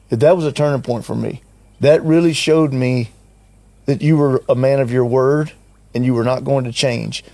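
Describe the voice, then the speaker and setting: Man, older, animated storyteller, gravelly, dry close sound. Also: medium pitch, normal speed, no echo. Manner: animated storyteller, acts out quotes. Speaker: guest recounting a business story. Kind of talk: casual chat.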